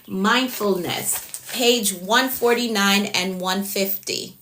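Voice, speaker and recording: Bright-voiced Jamaican woman coaching live. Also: medium pitch, slow pace, slight background noise. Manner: chatty, repeats herself, answers comments as they come. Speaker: productivity coach. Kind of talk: live-stream talk reading viewer comments.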